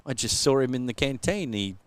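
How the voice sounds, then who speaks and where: A man's voice: medium pitch, lively intonation, brisk. An Australian man calling a local cricket match live with a mid-range voice, cracking jokes and laughing a lot between scores. A faint hiss sits under the stream. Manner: joking, laughs often. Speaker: cricket commentator. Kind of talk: casual live commentary.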